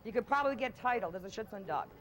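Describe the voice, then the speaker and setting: A woman's voice: mid-range voice, lively intonation, very fast, a loud crowd. A woman dog trainer running a hands-on session in an outdoor field, firm and no-nonsense with owners and coaxing with the dog.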